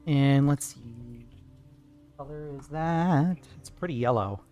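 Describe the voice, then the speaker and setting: A man's voice: medium pitch, takes it slowly, dark tone, faint music behind. A man streaming live while he paints, chatting with viewers in a playful, jokey way. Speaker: art streamer.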